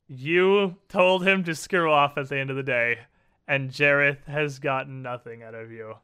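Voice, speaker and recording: A man's voice: mid-range voice, moderate pace, bright, forceful tone, smooth. A man narrating a tabletop game as game master, with dramatic, lingering narration.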